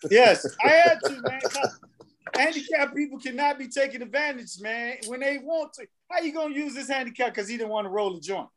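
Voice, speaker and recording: A man's voice: very high voice, animated, a little fast, a bit bright, slight background noise. A man co-hosting a podcast, telling a long, profane story in casual banter. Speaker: podcast co-host.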